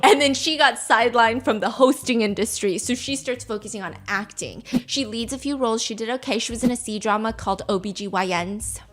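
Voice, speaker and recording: A woman hosting a gossip podcast, her voice sitting a little higher than most. She tells the story casually and animatedly, breaking into laughter and acting out the quotes as she goes. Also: a little fast, hardly any pauses. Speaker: podcast host.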